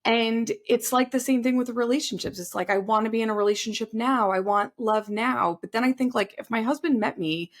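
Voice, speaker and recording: A woman in her thirties co-hosting a podcast, talking in a relaxed, reflective way with many fillers. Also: a little high, brisk, hardly any pauses. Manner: conversational, filler-heavy, reflective. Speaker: podcast co-host. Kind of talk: casual chat.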